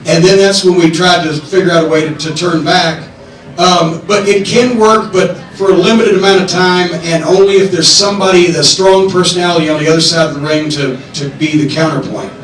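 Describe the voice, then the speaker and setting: A middle-aged man hosting a live podcast from a comedy club stage, telling long, profane, animated anecdotes. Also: high voice, a little fast. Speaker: podcast host. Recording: echoey room from far off.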